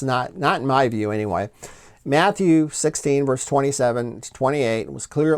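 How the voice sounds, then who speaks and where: Male Bible teacher, mid-pitched, methodical lecture delivery, reads scripture aloud. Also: darkish tone. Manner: methodical, repeats key points, reads quotes aloud. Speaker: Bible teacher and channel host.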